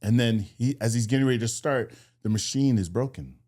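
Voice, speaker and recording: A man's voice: mid-range voice, brisk, mellow. Easygoing man chatting on a podcast. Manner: easygoing, chuckles often, trailing restarts. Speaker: podcast co-host. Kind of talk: casual chat.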